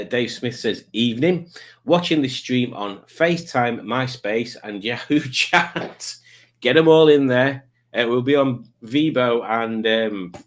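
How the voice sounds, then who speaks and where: Mid-stream at home, with lights set up around him, a man loosely rambles through a casual live chat. He jokes freely while welcoming viewers, his voice pitched right in the ordinary middle.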